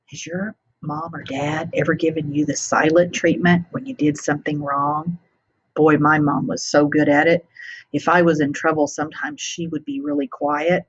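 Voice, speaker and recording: A woman teacher reading a picture book to children, pausing often to ask them questions. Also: low-pitched, slightly rough, lo-fi sound. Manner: warmly interactive, asking children questions.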